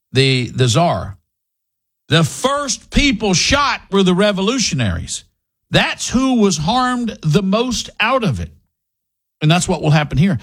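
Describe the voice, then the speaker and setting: A man hosting a political commentary show, talking in a sarcastic, opinionated way with frequent fillers. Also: a little high. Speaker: host.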